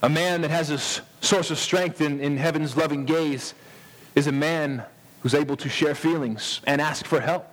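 A man in his thirties preaching a sermon as a pastor, earnest, pausing for emphasis and often restarting his words. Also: on the high side, long reverb tail.

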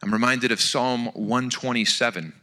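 A man preaching a sermon, telling an illustration with animated energy and dropping to soft, hushed tones for emphasis. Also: mid-range voice, moderate pace. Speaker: pastor.

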